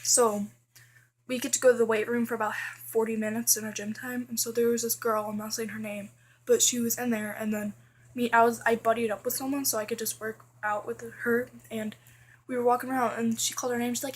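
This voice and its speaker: A woman's voice: fairly high pitch, fairly even intonation, a little fast, breathy edge. A teenage girl vlogging casually, chatty and full of fillers, complaining about things that annoy her. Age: teens. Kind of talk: casual list vlog.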